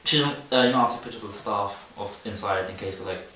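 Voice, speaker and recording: A young man in his late teens, telling a story in a rambling, animated way with plenty of laughs. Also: lowish voice, fast talker. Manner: rambling, animated, laughs often, many fillers. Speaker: podcast co-host. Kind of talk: casual storytelling chat. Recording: echoey room, distant mic, faint hiss.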